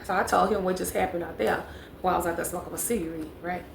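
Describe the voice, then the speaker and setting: A woman's voice: lowish voice, fairly even intonation, fast talker, vocal fry. A young woman telling a storytime vlog, chatty and talking straight to viewers, repeating phrases for emphasis. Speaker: vlogger. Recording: echoey room with faint background noise.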